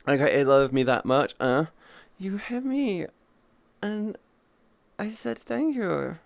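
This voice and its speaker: Man hosting a casual live stream, slow delivery, dry close sound, teasing and softly praising chat. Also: sits high, expressive, creaky, no echo. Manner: playful, teasing chat banter; cooing, soft praise.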